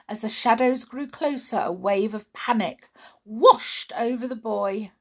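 A woman reading a children's story aloud, dramatic and expressive, swinging from hushed whispers to loud cries. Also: a little high, unhurried. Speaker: audiobook reader.

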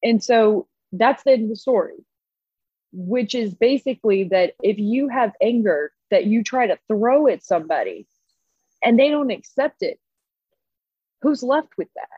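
Woman, podcast co-host, casual storytelling, animated, swears often, dull dry sound. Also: a little high, unhurried, breathy edge, dry recording. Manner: animated, profane, frequent "like".

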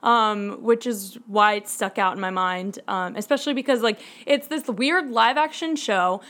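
A woman's voice: medium pitch, normal speed, a bit bright. A young woman co-hosting a casual podcast, chatty and self-mocking, laughing often and reading show summaries with lots of ums. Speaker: podcast co-host.

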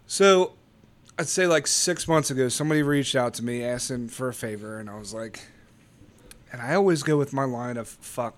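A man in a casual podcast chat, winding through a story with stumbles and curse words. His voice sits at an ordinary middle pitch for a man. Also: moderate pace. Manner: rambling storyteller, restarts and swears. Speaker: podcast co-host.

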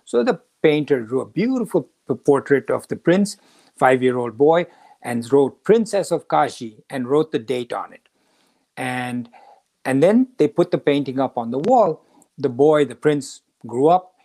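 A man's voice: mid-range voice, animated, a little slow, warm tone. A man hosting a spiritual talk, retelling a story in a casual way and acting out the characters' lines. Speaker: podcast host.

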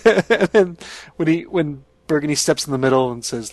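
A man's voice: a little high, animated, moderate pace, hardly any pauses, no room sound. A man chatting casually as a podcast co-host, rambling, laughing often and swearing freely. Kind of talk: casual chat.

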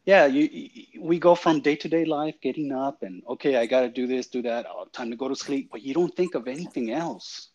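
A man's voice: medium pitch, a little fast, few pauses, darkish tone, highs cut off. A man hosting a podcast, chatting with his guest in an earnest, reflective way. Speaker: podcast host. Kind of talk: casual interview chat.

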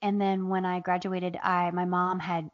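A woman's voice: on the low side, monotone, unhurried, dry recording, lo-fi sound. A woman from Ohio, an author chatting as a guest in an interview, telling funny stories and laughing often. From Ohio, USA. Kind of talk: casual interview chat.

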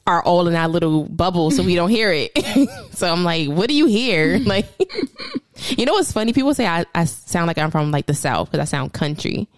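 A young woman from New Jersey with a Jersey accent, co-hosting a casual chat and laughing often with relaxed slang. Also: on the low side, normal speed, no echo. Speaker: podcast co-host.

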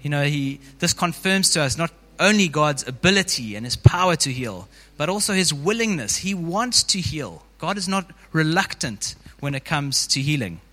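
A man delivers a relaxed, conversational sermon to his congregation, his voice a little high and strikingly bright. He keeps talking in an easy, informal way and leans on "you know" again and again. The sound carries the long reverb of a large hall. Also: normal speed, hardly any pauses. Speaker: preacher.

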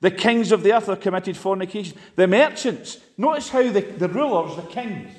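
An impassioned male preacher with a high-pitched voice. He delivers a fiery sermon, rising to loud, emphatic peaks and then dropping to hushed asides. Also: expressive, normal speed.

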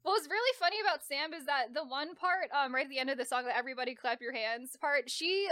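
Bright high-voiced woman hosting. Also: quick pace, no room sound, clean studio sound. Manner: chatty, laughs while explaining scores. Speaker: taskmaster host. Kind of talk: casual comedy panel hosting.

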